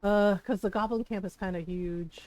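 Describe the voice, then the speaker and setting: A woman's voice: medium pitch, steady tone, normal speed, darkish tone, poor audio. A woman streamer chatting casually while she plays, rambling and giggling, with lots of "like" and "right?". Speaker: game streamer. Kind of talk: casual gameplay commentary.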